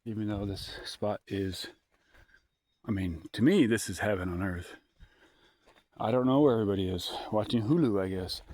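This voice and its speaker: A man's voice: lowish voice, moderate pace, pauses often, a little mellow, no room sound. Rambling man vlogging alone outdoors. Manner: rambling, sidetracked, jokey. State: out of breath. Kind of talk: rambling handheld vlog. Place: outdoors at a forest campsite. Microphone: handheld phone camera.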